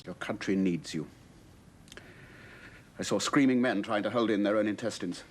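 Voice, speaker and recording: An actor playing a cynical middle-aged writer and war veteran, who talks in a measured, philosophical way. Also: male voice, lowish voice, natural voice. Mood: conversational. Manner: measured, world-weary, philosophical. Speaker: host sheltering a stranger.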